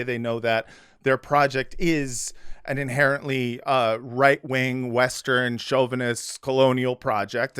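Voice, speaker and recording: Smooth-voiced male comedy podcast host. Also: medium pitch, fairly bright tone, no echo, clean studio sound. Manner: loose, joking, filler-heavy. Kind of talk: casual comedic chat.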